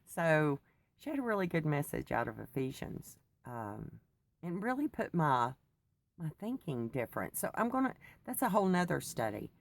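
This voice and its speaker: This middle-aged woman has a low voice with vocal fry, and she rambles from topic to topic, wired on coffee after too little sleep. A faith vlogger, she's chatty and digressive in this personal talk and laughs a lot.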